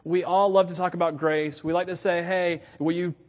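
A woman's voice: lowish voice, fairly even intonation, normal speed, darkish tone. A woman pastor giving a sermon in a casual, chatty way, with laughing asides. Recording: long reverb of a church hall.

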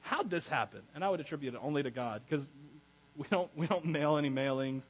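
Male pastor, sermon, slightly high voice, husky, animated, laughs and asides. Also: fast talker, rough recording. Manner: animated, laughs often, self-correcting asides.

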